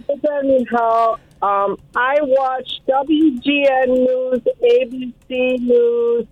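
Slow rambling woman caller on the phone. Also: fairly high pitch, no room sound. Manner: slow, wandering, hesitant with fillers. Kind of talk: phone-in chat. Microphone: telephone. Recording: dull phone line.

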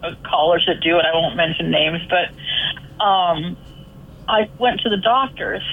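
A woman's voice: fairly low pitch, measured pace. A woman calling in to a radio show, chatting in a rambling, storytelling way. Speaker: caller. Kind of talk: casual phone chat. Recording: tinny phone line.

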